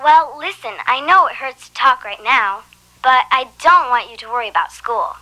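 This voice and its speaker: A woman's voice: high voice, animated, moderate pace, rough recording. A woman voicing a friendly, supportive schoolgirl in a cartoon, with a teasing manner. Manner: warm, teasing.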